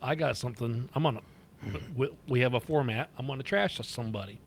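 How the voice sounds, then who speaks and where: A man's voice: medium pitch, a little fast, vocal fry, slightly rough, no echo. A man co-hosting a casual podcast from home, ranting bluntly and swearing freely. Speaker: podcast co-host, trucker. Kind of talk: casual chat.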